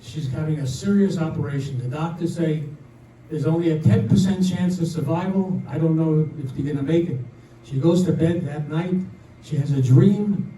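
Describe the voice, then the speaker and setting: A man's voice: on the high side, moderate pace, dark tone, slight background noise. An older man telling jokes stand-up style, chatty and driving toward each punchline, laughing along at his own jokes. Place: community room at a senior residence. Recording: echoey room, mic at a distance.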